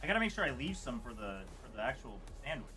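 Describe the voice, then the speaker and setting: A man's voice: medium pitch, very animated, fast talker, bright, forceful tone. A man hosting a casual livestream watch party, chatting to his viewers while he cooks. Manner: chatty, talks to chat while cooking. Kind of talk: casual livestream chat while making food. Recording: music playing underneath.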